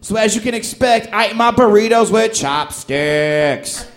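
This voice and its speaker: A brash young male stand-up comic , as a man puts him on, bellows his greeting in a voice pitched well above a normal speaking voice. He lands every line as a loud, punchy setup to a joke. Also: lively intonation, measured pace, soft background music. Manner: shouty, punchline-driven delivery.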